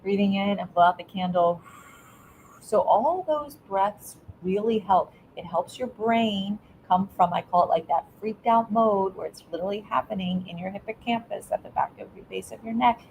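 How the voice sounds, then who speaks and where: Gravelly and mid-range, the middle-aged educator's voice moves at a moderate pace over lo-fi sound with slight background noise. As an interview guest she gives warm, earnest parenting guidance, frequently restarting mid-thought.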